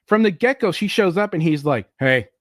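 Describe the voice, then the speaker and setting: A man hosting a podcast, chatting casually about a movie and telling stories with lively energy and frequent swearing. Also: high-pitched, brisk, no room sound, clean studio sound. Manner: animated storyteller, swears, acts out quotes. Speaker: podcast host. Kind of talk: casual movie review chat.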